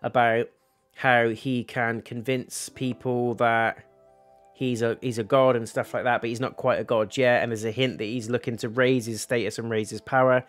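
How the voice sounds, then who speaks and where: A young man talks through a TV episode in a loose, rambling way. He swears casually, keeps his pitch in an ordinary middle range, and faint music plays underneath. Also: flat delivery, moderate pace. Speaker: TV reviewer. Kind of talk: casual spoken review.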